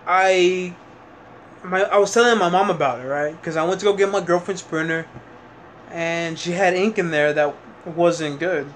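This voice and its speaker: A young man fresh out of high school, telling a rambling, frustrated story in a casual vlog, full of fillers and restarts. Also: steady tone, moderate pace, fairly bright tone, a little hiss or hum. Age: young adult. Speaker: vlogger.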